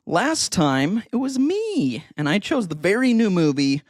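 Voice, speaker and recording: Lively man from New Zealand, co-host. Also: sits high, dry recording, studio quality. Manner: lively, jokey, quick asides. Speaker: podcast co-host. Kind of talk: casual podcast chat.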